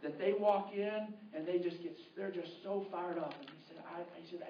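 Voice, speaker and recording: A man preaching a sermon as pastor, telling a story with lively, shouted bursts. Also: high voice, moderate pace, a little hiss or hum. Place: church hall. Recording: roomy, muffled, distant hall audio.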